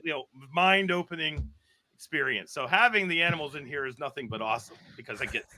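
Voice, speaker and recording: A man, a biology professor, telling animated stories as a podcast guest. His voice is very bright and forceful, and he laughs and swears casually as he talks. His pitch sits a little above average. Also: fast talker. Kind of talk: animated storytelling.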